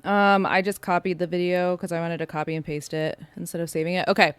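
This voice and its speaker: A woman casually chatting as a live streamer, bubbly and excitable as she talks to her viewers. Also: on the low side, fast talker, clear, resonant tone, no room sound.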